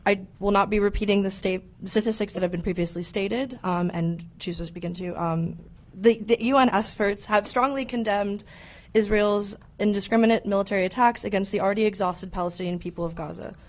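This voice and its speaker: A young woman speaks quickly and earnestly at the public podium of a county meeting. She reads her prepared comment at a brisk pace with mid-range pitch. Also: fairly even intonation. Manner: earnest, becomes emotional.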